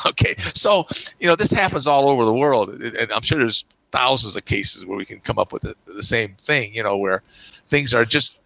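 Older male podcast guest: gravelly, bright, dry close sound, emphatic chatty anecdotes. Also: moderate pace, no room sound, rough recording. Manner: emphatic storyteller with lively pitch jumps and frequent "okay"s. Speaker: podcast guest, camera magazine publisher. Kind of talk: casual podcast chat.

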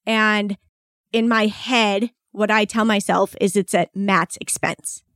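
A woman's voice: mid-range voice, fairly even intonation, slow, fairly bright tone, dry recording, clean studio sound. A woman chatting casually on a podcast, talkative, laughing easily and filling her sentences with "like". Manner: chatty, laughs often, uses "like" a lot. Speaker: podcast co-host. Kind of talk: casual chat.

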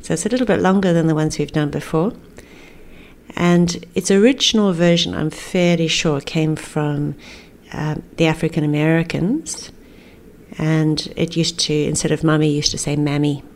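A woman teaching parents a lullaby, explaining calmly and singing the lines for them to repeat. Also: low-pitched. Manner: gentle, unhurried, sings lines then invites singing along.

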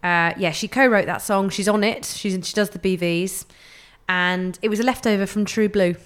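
A woman's voice: mid-range voice, steady tone, moderate pace, clear, resonant tone. A woman co-hosting a podcast in casual chat, wry and playful, often giggling. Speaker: podcast co-host.

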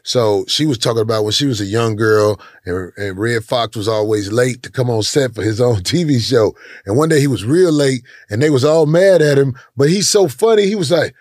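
A man in casual conversation, telling stories in a laid-back, animated way. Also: mid-range voice, moderate pace, few pauses, dry recording, studio quality. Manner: laid-back storyteller, animated, laughs into his words. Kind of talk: casual chat, storytelling.

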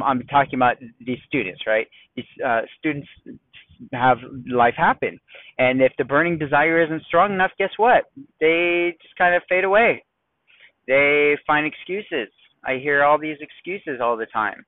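A man coaching his listeners in a blunt, conversational solo podcast. His voice sits a little on the high side. The sound is thin and phone-like, with a dry, close feel. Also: normal speed, no echo.

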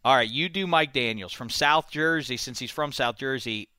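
A man's voice: medium pitch, moderate pace, pushed and bright, clear, resonant tone, no echo, clean studio sound. A man hosting a podcast in casual chat, playful and teasing.

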